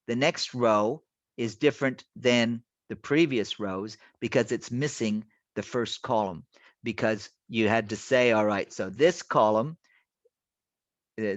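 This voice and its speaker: Halting male instructor, lower voice. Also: fairly bright tone, no room sound. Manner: halting, many fillers and restarts. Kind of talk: classroom lecture.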